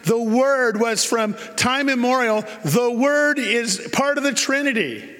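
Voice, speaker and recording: A man's voice: very high-pitched, measured pace, a bit bright, big-room sound. A man preaching a sermon, emphatic and repeating key phrases for effect.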